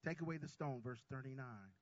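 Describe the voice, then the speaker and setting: A man preaching a sermon, swinging from soft asides to loud cries and calling the congregation y'all. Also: medium pitch, fairly quick, no echo, dull audio.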